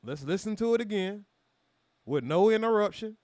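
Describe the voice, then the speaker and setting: A man's voice: sits high, lively intonation, moderate pace, a little mellow, dry recording. Profane, fired-up male reaction host. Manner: heated, profane, rhetorical questions, calls out chatters. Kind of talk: commentary monologue to a live chat.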